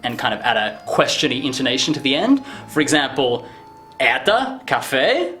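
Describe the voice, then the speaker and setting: A man giving a casual language lesson, jumping high in pitch when acting out example phrases. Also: brisk, a bit bright, faint music behind. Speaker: language teacher.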